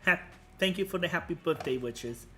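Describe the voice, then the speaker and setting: A woman in her twenties streaming casually, playful and teasing, moving between soft whispers and loud bursts. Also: deep voice, lively intonation, moderate pace, faint music behind. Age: 20s. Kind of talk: casual live-stream chat with teasing role-play lines.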